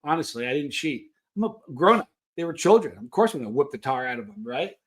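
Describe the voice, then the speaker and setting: Middle-aged male stream host, slightly high voice, loose rambling anecdotes full of restarts. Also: sing-song, fast. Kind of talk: casual storytelling to a live chat.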